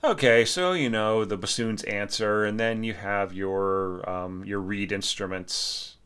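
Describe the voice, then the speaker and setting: Guy going over a student's orchestration, lots of you know and like, bright lowish voice, sings the notes. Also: a little slow, few pauses, clear, resonant tone. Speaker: orchestration teacher giving feedback. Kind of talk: casual spoken critique of a score.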